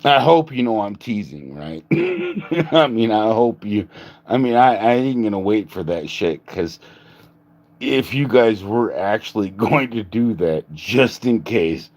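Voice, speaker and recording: A man's voice: lowish voice, sing-song, unhurried, darkish tone. A man hosting a livestream, rambling in a joking, casual way, laughing often and swearing. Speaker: livestream host. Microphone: phone.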